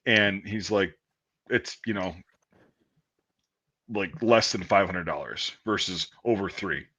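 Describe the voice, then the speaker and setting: A man's voice: deep voice, slow pace, sharp tone, husky. A man in his thirties telling profane, rambling army stories in casual chat. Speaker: podcast host. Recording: dull lo-fi audio.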